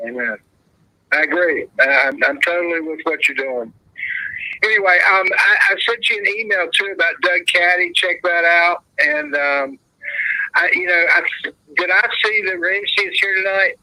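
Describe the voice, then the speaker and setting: A man from North Carolina, calling in to a show, earnest, supportive and a bit halting. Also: high-pitched, pushed and bright, no echo. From North Carolina, USA. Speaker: caller. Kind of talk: casual phone call-in chat. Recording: dry, phone-like call line.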